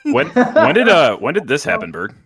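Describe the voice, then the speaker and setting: A man from Texas chatting casually, throwing in quick quips and swearing. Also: a little high, huge pitch swings, fairly bright tone, husky, no echo, studio quality. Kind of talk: casual chat.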